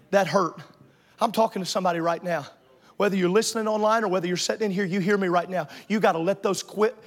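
Man, preacher, sermon, church sanctuary, high voice, fervent, rises to shouts, banters with the congregation.

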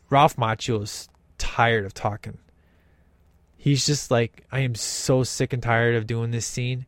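Excited man giving casual movie commentary. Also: a little high, dry recording, clean studio sound. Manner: enthusiastic, emphatic, casual slang. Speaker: film commentator.

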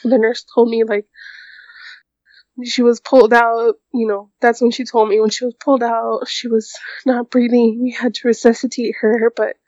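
A young woman recounting a deeply personal experience, talking haltingly with many fillers and restarts. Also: little pitch movement, a little mellow, no echo, muffled recording. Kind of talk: emotional personal storytelling.

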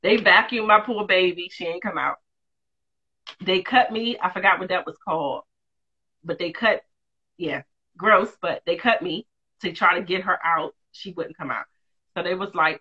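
A woman, a mother of two, telling a personal story in a candid, lively, casual way with quick asides. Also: fairly low pitch, breathy edge, muffled recording. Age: adult, mother of two.

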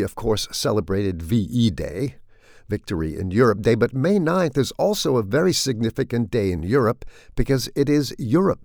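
A middle-aged man delivering scripted comic commentary with a dry, wry, deadpan manner. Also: mid-range voice, dry recording. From United States. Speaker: commentator hosting a weekly segment.

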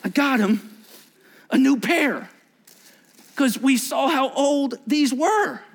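A middle-aged man preaching a sermon as pastor, telling stories with voiced quotes and dropping to a hushed near-whisper for emphasis. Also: very high voice, slow, creaky. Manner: animated storytelling with voiced quotes and asides.

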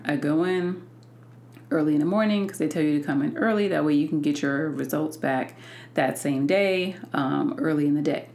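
A woman hosting a podcast and telling a personal story in an unhurried way, with many fillers and restarts. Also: low-pitched, gravelly, a little mellow. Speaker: podcast host.

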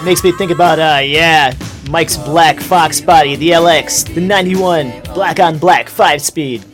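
A man's voice: a little high, measured pace, fairly bright tone, soft background music. A man co-hosting a podcast, telling rambling stories in casual chat with many ums and uhs. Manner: rambling storyteller, many fillers. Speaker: podcast co-host.

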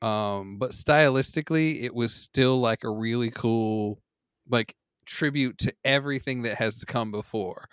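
A man's voice: mid-range voice, a little slow, clean tone, no echo, studio quality. A man chatting casually on a movie podcast, retelling scenes animatedly and trailing off in fillers when summing up. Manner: animated retelling, acts out quotes. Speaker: podcast panelist. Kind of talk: casual movie review chat.

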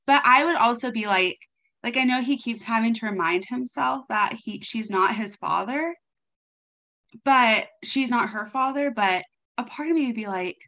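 A woman's voice: fairly high pitch, normal speed, sharp tone. A young woman co-hosting a podcast, chatting casually and gushing about a book, with "like" in nearly every sentence. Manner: gushing, chatty, heavy use of "like". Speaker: podcast co-host.

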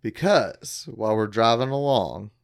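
A man chatting casually with friends on a podcast, laughing loudly and often and swearing freely as he tells a family story. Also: lowish voice, lively intonation, a little slow, creaky. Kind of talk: casual chat among friends.

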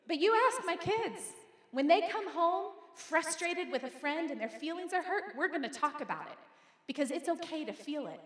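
A woman's voice: very high voice, animated, moderate pace. A middle-aged woman pastor preaching a sermon in a conversational, emphatic way, speaking straight to the congregation. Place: church auditorium. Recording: echoey hall with long reverb.

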